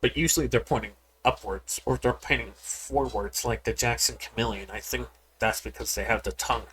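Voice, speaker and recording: A man's voice: mid-range voice, brisk, slightly rough, soft background music. A man giving casual, rambling commentary while playing a game, often repeating words and talking straight to his viewers. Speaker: game streamer. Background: people yelling in the background.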